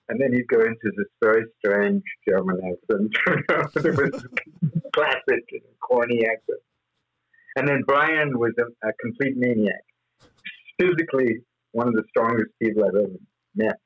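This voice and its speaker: A man's voice: mid-range voice, normal speed, a bit bright, breathy edge, low-quality recording. A man as interview guest, telling rambling stories with frequent laughs and fillers. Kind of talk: anecdotal interview storytelling.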